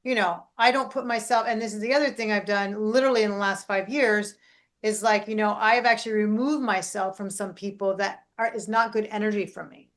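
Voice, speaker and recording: Middle-aged female coach and host, casual chat, animated, tags lines with "right?", mid-pitched. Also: a little fast. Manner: animated, keeps adding "right?". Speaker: life coach and podcast host.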